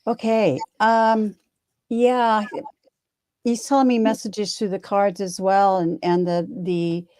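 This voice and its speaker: Woman reading tarot, warm mellow voice, halting and comforting, dry close sound. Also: medium pitch, little pitch movement, clean tone, no room sound. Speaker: tarot reader.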